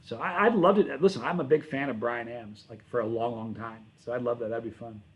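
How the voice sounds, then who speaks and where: A man hosting a relaxed livestream, answering his viewers' chat in a loose, rambling way. His voice sits at an ordinary middle pitch. He often stops and corrects himself mid-sentence. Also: brisk, dull audio. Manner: rambling, self-correcting, friendly. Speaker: channel host reading live chat.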